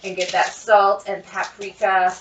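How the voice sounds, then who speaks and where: A woman chatting excitedly to her viewers as she cooks, thinking out loud in a casual vlog. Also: medium pitch, measured pace, reverberant, distant mic, noisy background. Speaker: cooking vlogger. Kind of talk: casual cooking vlog, talking to camera. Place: home kitchen.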